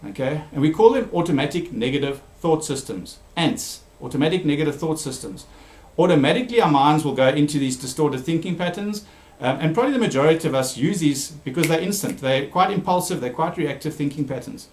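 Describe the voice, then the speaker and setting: Presenter: man, animated talk, slightly high pitch, roomy echo. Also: brisk. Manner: animated, shifting pitch for characters. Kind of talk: storytelling then live online talk. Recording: echoey room.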